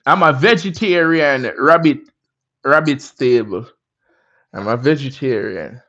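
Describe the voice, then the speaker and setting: A man's voice: mid-range voice, a little slow, fairly bright tone. Jamaican man chatting on a lo-fi livestream. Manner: laid-back, chatty, tags lines with "you understand me?". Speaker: livestream host. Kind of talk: casual livestream chat.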